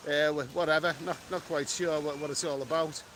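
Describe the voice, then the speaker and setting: A man's voice: on the high side, fairly even intonation, a little fast, a bit bright, slight background noise. A man with a cold walking along an island beach, reading out and answering viewer comments in a chatty live-stream vlog. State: has a cold, sniffly. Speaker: travel vlogger. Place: outdoors on a tropical island beach and town.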